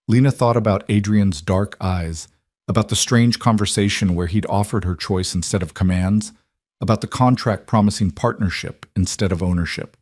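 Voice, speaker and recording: Low-voiced male story narrator. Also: normal speed, a little mellow, no room sound, studio quality. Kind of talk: scripted dramatic narration.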